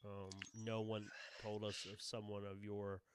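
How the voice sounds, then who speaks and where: A man's voice: on the low side, monotone, measured pace, a little hiss or hum, close to an everyday voice. A man voicing a nervous male guard who apologizes and fumbles for his words in a tabletop game. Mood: apologetic.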